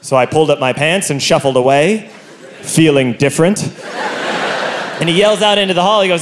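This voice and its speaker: A man doing a stand-up comedy routine on stage, telling a self-mocking story with loud outbursts into a handheld mic. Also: a little high, moderate pace. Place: comedy stage before an audience. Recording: live comedy show with audience laughter.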